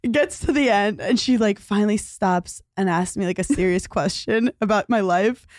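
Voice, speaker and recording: A woman comedian guesting on a podcast, telling animated stories and acting out what others said. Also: medium pitch, moderate pace, no room sound, studio quality. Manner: animated storytelling, acting out quotes. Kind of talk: casual podcast chat.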